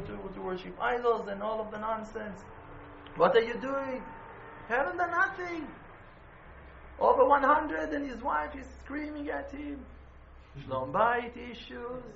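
Impassioned high-voiced man preaching in a roomy hall. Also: vocal fry, a little hiss or hum. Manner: impassioned storytelling, swinging between hushed and loud; non-native phrasing, rhetorical questions. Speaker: rabbi teaching a Torah class. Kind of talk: sermon. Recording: roomy, dull-sounding room recording.

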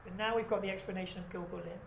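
A woman's voice: mid-range voice, steady tone, very fast, vocal fry. A woman teaching an informal class, chatty and often asking "right?" as she explains. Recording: echoey room, background noise.

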